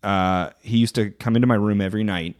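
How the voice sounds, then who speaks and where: Low-voiced Canadian man telling stories. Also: brisk. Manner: animated, profane anecdote-telling. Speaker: guest. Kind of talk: casual storytelling in conversation.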